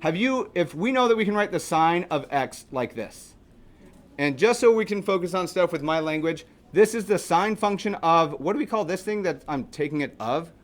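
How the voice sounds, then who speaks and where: A man's voice: high-pitched, expressive, normal speed. A man teaching a math class in a classroom, chatty and joking, asking his students questions as he lectures.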